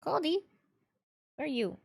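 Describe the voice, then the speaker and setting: A woman's voice: high voice, big pitch swings, unhurried, creaky, a little mellow. A young woman streaming casually, joking and speaking bluntly, with free swearing. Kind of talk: casual live-stream chat.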